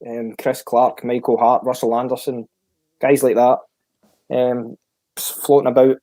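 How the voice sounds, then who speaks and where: A Scottish man, a former footballer, telling a story in a relaxed chat and acting out the dialogue he retells. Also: medium pitch, unhurried, no echo. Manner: lively storyteller who acts out the dialogue he retells. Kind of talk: casual storytelling.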